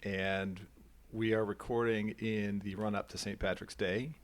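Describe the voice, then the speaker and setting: Gravelly-voiced man hosting a casual podcast. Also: lowish voice, flat delivery, measured pace. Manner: joking, rambling with ums. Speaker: podcast host. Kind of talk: casual chat.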